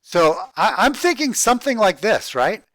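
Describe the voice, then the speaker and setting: A man walking through his project spreadsheet on screen, thinking aloud in a halting, rambling way, repeating words and tagging sentences with "right?". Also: sits high, sing-song, fairly bright tone, no echo. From Texas, USA. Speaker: crowdfunding project vlogger. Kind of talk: rambling screen-share walkthrough.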